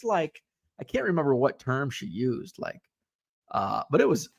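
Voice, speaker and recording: A man's voice: medium pitch, huge pitch swings, measured pace, gravelly. A man from Illinois hosting a podcast, chatting casually and rambling with lots of fillers and asides. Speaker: podcast host. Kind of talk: casual live-show chat, reading viewer comments.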